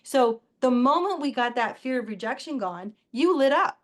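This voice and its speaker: A woman with a slightly high voice talks on an interview show as the guest. Her speech is chatty and animated. She drops into quoted exchanges as she tells her stories. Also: moderate pace. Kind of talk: casual interview storytelling.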